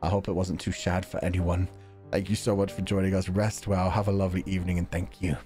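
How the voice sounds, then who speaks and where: A man streaming live, reading out viewer donations and chatting in an animated, rambling way, often breaking into laughter. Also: deep voice, fast, soft background music.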